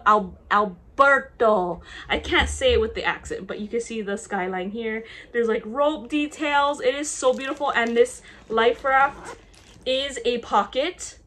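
A woman's voice: a little high, fairly bright tone. A young woman showing off handbags in a casual haul vlog, chatty and gushing, with many okays. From half Japanese. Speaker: vlogger showing a bag haul.

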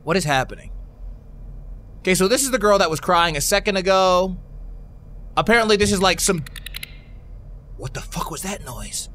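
A young man doing profane, excitable horror game commentary, reading game text aloud and shouting when scared. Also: high voice, moderate pace, pauses often. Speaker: gaming YouTuber.

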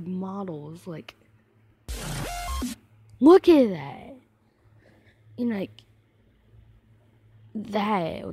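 Woman host, a bit sick, unhurried reaction commentary, bursts of excitement. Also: mid-range voice, slightly rough. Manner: excitable, exclaims often. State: sick with a cough.

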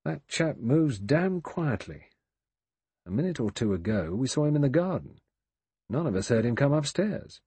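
A man voicing a blunt, gruff middle-aged ex-policeman in an audiobook, blustering and curt. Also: mid-range voice, big pitch swings, normal speed, warm tone, no echo, voice pushed up. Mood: awkward, suspicious. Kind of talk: audiobook character voice.

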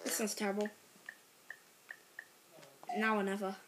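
A woman giving excitable live gameplay commentary and reacting loudly to the game. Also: mid-range voice, a little slow, low-quality recording. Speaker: gaming channel host. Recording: loud game music behind voice. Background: loud video game music.

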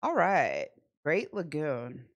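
A woman's voice: low-pitched, wildly swooping pitch, takes it slowly, dull audio. A woman hosting a casual live slot stream from home, playfully chatting and greeting viewers by name. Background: faint slot game music.

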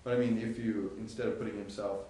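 A man's voice: on the low side, little pitch movement, fast talker, mellow. A male student asking a question in class, hesitant and searching for words. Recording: echoey classroom from far off with background noise.

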